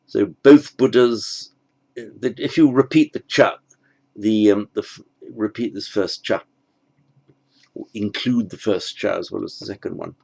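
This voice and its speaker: A man teaching a language lesson, working through translation exercises slowly and methodically, thinking aloud with pauses. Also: fairly low pitch, vocal fry, a little mellow. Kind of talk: spoken grammar lesson.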